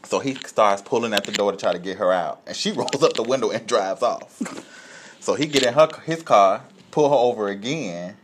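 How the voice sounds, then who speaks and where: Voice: mid-range voice, normal speed, slight background noise. A co-host in a casual chat, telling stories and acting out the people in them. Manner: lively storyteller who acts out the people in the story. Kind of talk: casual chat, animated storytelling.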